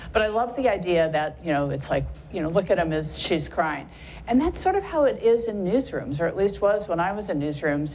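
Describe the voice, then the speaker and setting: A woman's voice: on the low side, a little mellow, a little hiss or hum, poor audio. A woman in her sixties giving a casual, rambling lecture talk, chatty and full of fillers. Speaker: guest speaker.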